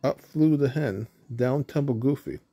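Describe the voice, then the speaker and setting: A man reading a children's storybook aloud, steady with small slips. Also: medium pitch, measured pace, slightly rough, no room sound. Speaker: storybook reader.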